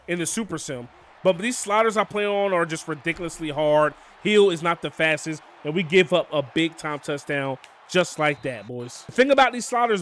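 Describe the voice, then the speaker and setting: A young man giving casual, excitable play-by-play commentary on his football video game, often calling out to "boys" and "man". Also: high voice. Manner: excitable, hypes big plays, keeps saying "boys" and "man". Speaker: gaming YouTuber.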